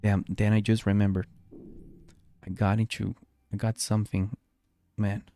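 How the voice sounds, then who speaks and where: Low, mellow-voiced man rambling over gameplay. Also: flat delivery, normal speed, dry recording. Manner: rambling, self-talking, restarts often. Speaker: streamer. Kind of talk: live gameplay commentary. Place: home.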